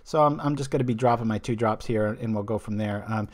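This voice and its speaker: Quick-paced and fairly low-pitched, a male stream host chats casually while playing a card game. He reads viewer comments aloud and rambles, often drifting off his train of thought.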